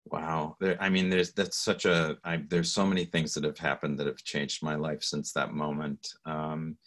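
A man's voice: a bass voice, flat delivery, moderate pace. A middle-aged man recounting a personal story in an interview, earnest and hesitant, over a video call. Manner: earnest, hesitant, with restarts and soft laughs. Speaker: guest speaker.

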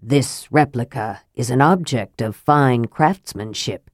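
A woman voicing a frail, sly male mage in an audiobook, with a soft, low, reproachful murmur. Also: takes it slowly, dry recording, studio quality, exaggerated voice. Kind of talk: audiobook character voice.

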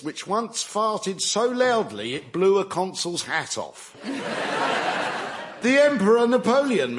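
A man on a radio panel show, telling absurd claims in a deadpan but lively way. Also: on the high side, noisy background. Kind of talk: comic storytelling on a panel show.

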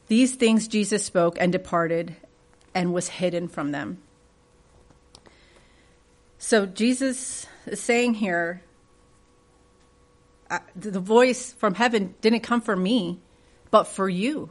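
A woman's voice: mid-range voice, takes it slowly, pauses often. A woman leading a church Bible study, reading scripture aloud and asking the group questions in a conversational way. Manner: reads scripture aloud with rising emphasis.

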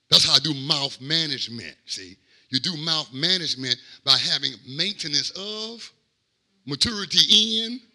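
A man preaching a sermon as pastor. He repeats phrases and swings from quiet asides to shouted, drawn-out lines. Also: on the high side. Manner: call-and-response, repeats phrases.

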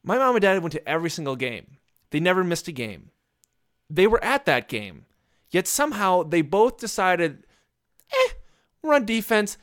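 A man shares a funny memory in casual conversation. His voice sits somewhat high for a man, and he laughs his way through it while acting out the other people's lines. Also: normal speed. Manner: laughing, animated storyteller who acts out quotes. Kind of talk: casual storytelling chat.

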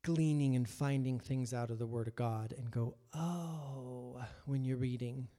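A man preaching a sermon, acting out biblical figures in his own voice and moving between hushed asides and loud, emphatic lines. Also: medium pitch, steady tone, normal speed. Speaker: pastor.

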